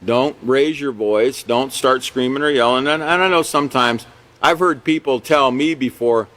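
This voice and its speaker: A man's voice: mid-range voice, normal speed, a bit bright. A man teaching a character education class in a conversational lecture style, often checking in with "you know" and "okay" and chuckling along the way.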